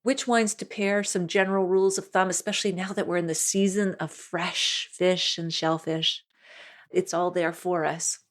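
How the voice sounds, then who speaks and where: A woman's voice: lowish voice, steady tone, moderate pace. A woman hosting a wine podcast in a chatty, enthusiastic solo monologue, laughing often.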